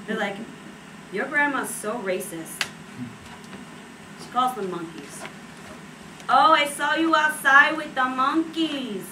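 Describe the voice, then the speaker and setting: A woman's voice: high-pitched, takes it slowly, pauses often, far from the mic, full character voice. An actress playing a young woman from a Puerto Rican family in a stage monologue, speaking in a wry, matter-of-fact way. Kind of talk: stage monologue based on an interview. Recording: echoey stage recorded from afar, steady noise.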